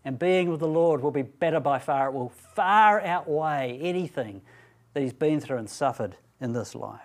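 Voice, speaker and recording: A man giving a Bible talk at a student training event, speaking deliberately and emphatically and asking rhetorical questions. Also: fairly high pitch, animated.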